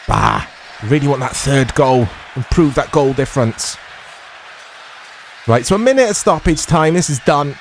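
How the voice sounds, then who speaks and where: A man talks his viewers through a football video game in a loose, chatty way. He jumps up in volume when a chance comes close. A faint hiss sits under his mid-pitched voice. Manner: excitable, shouts at big chances, chatty asides. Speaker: gaming commentator. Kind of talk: casual let's-play commentary.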